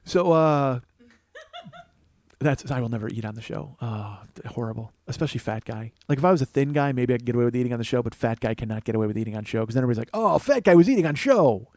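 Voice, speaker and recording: A man hosting a podcast, telling a comic story full of swearing, growing louder and more animated as it goes. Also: medium pitch, fast, no room sound. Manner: profane, animated, rising to shouting as the story builds. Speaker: podcast host.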